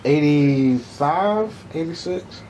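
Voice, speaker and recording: A man's voice: fairly high pitch, animated, slow pace, mellow, highs cut off, slight background noise. A man hosting a casual interview, giving short questions and brief backchannel replies. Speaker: interview host.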